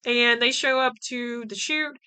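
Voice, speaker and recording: Woman podcaster rambling casually, bright crisp voice, a bit high, laughs a lot. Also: unhurried. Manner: chatty and animated, laughs often, many fillers. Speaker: podcast host. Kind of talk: casual podcast chat recapping a film.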